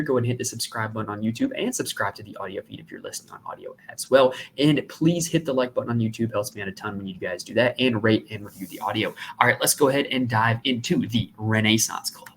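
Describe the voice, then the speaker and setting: A man's voice: mid-range voice, fast talker, few pauses, slight background noise. A man hosting a podcast, giving a chatty, conversational sports betting preview. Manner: chatty and conversational, talks at length. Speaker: podcast host.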